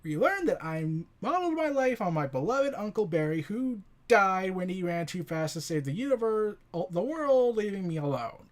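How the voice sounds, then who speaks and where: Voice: medium pitch, big pitch swings, moderate pace, few pauses, lightly acted. A comic reviewer voicing a bitter young male superhero who runs through his woes sarcastically. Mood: sarcastic.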